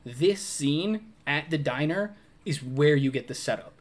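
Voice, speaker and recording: A man's voice: fairly high pitch, expressive, measured pace. A man co-hosting a podcast, chatting casually about a movie and animatedly acting out its scenes with voices and grunts. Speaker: podcast co-host. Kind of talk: casual movie review chat.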